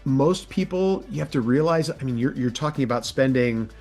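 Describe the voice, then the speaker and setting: A man who narrates audiobooks, chatting in an interview in a lively way, his voice jumping up when excited. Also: normal speed, faint music behind. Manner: animated, pitch jumps when excited. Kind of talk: casual interview chat.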